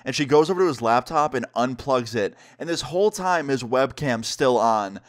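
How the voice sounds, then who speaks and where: A young man telling a story in a casual, animated storytime vlog. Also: medium pitch, moderate pace. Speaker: vlogger.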